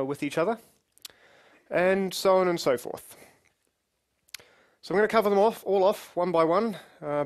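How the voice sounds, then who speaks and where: Joking conference speaker, lively man. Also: on the high side. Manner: lively, joking, leads the audience in games. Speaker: conference speaker, company CEO. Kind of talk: conference keynote. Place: large conference hall with audience.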